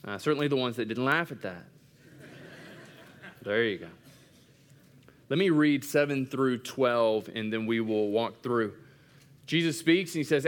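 A pastor preaching a sermon at a church service, conversational and repeating phrases for emphasis. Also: male voice, mid-range voice, lively intonation, unhurried, pauses often.

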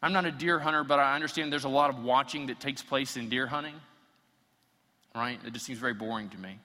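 A man's voice: medium pitch, fairly quick, sharp tone, big-room sound. A man preaching a sermon, reading scripture aloud and acting out the quotes as his intensity builds. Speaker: pastor.

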